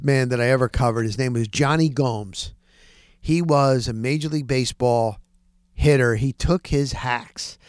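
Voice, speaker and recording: A man hosting a podcast, telling sports-reporting stories in a casual, animated way and acting out the dialogue. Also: medium pitch, clean tone, dry recording, clean studio sound. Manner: animated, acts out quoted dialogue. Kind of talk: casual storytelling.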